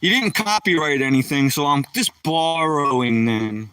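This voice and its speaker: Man, middle-aged, casual live stream chat, joking and rambling, bright slightly high voice. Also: moderate pace, smooth, no echo. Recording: voice somewhat far from the mic.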